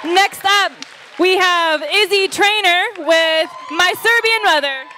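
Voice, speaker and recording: An emcee at a poetry slam calling out judges' scores with loud, drawn-out calls. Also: very high-pitched. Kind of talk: announcing scores. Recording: noisy crowd in hall.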